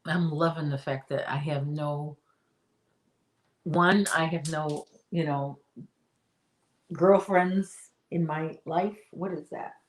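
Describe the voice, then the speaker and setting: A woman's voice: low-pitched, fairly even intonation, slow, pauses often. A middle-aged woman hosting a casual live-stream chat from home, rambling and reading out viewer comments. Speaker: host.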